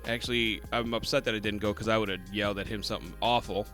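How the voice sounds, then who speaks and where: A man co-hosting a casual podcast, telling a profane, animated story and throwing in mocking impressions. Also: fairly low pitch, quick pace, soft background music. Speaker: podcast co-host. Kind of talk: casual trash-talk chat.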